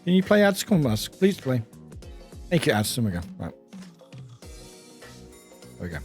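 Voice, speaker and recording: A man casually chatting with viewers on a live stream, animated and chatty, laughing often and exclaiming loudly. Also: medium pitch, moderate pace, long pauses, faint music behind. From United Kingdom.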